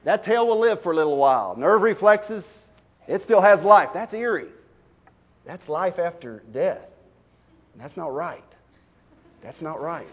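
A man preaching a sermon as a pastor, with folksy stories, rhetorical questions, sudden loud bursts and slow emphatic drops. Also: high voice, expressive.

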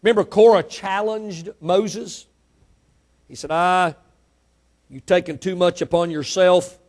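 A man preaching a sermon, emphatic, quizzing the congregation and swinging between soft asides and loud peaks. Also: high-pitched, steady tone, slow pace.

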